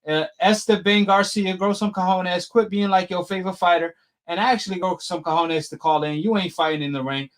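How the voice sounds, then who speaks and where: A man's voice: high-pitched, steady tone, brisk. A man hosting a live boxing talk stream, chatting in a casual, slangy way and laughing often. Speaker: host of a boxing talk show.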